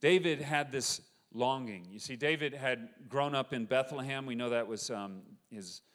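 A man preaching a sermon, retelling a story with animated, conversational energy and acting out the quoted voices. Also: medium pitch. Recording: long hall reverb.

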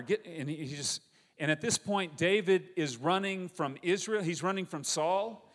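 A man preaching a sermon, retelling a story with animated, conversational energy and acting out the quoted voices. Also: on the high side, moderate pace. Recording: long hall reverb.

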